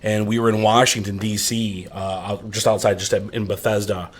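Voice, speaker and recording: A man's voice: lowish voice, flat delivery, moderate pace. A man, a podcast guest, telling a rambling, profane story in casual chat. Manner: rambling, profane, laughs through stories.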